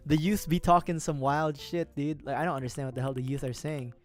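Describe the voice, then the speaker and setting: Speaking a little fast in a slightly high, level voice, a man chats casually with his stream while playing a life-sim game. He jokes, rambles and laughs a lot throughout.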